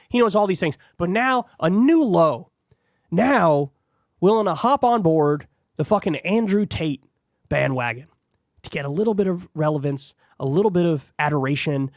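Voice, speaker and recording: A man's voice: a little high, dry recording, clean studio sound. A man hosting a heated political commentary show, sarcastic and profane.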